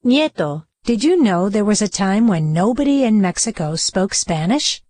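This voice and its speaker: A woman voicing a kind old grandmother who gently tells her grandson a story, in a storybook play. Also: mid-range voice, sing-song, moderate pace, no echo, studio quality. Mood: gentle. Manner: gentle explaining.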